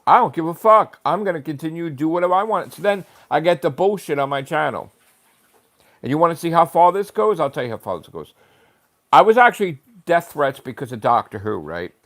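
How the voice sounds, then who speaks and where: Give me a man streamer ranting angrily and cursing constantly, with a slightly high voice. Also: lively intonation, fairly quick. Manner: angry, profane ranting. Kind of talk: livestream rant.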